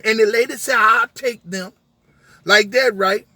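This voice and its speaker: A man's voice: sits high, a little slow, sharp tone, no room sound. A man, a rideshare driver, telling a story as an emphatic rant, acting out an argument through many quoted lines.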